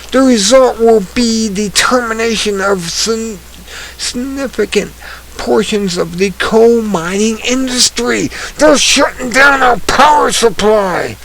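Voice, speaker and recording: A man's voice: sits high, vocal fry, a little hiss or hum, low-quality recording. Agitated ranting male commentator. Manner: agitated, swings from muttering to shouting; reads headlines then rants angrily. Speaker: online news commentator.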